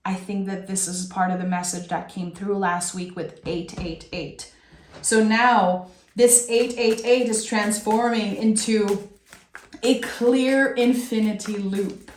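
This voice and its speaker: A woman giving a spiritual tarot reading in a slow, earnest, heartfelt way. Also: medium pitch, steady tone, slight background noise. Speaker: tarot reader. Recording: roomy echo.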